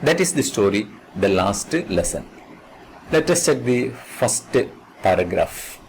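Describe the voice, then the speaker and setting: A man's voice: on the low side, sing-song, creaky, slight background noise, rough recording. A man with an Indian English accent, teaching an English lesson to students and repeating key words as he explains the text. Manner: slow, repetitive explanation, restating words several times.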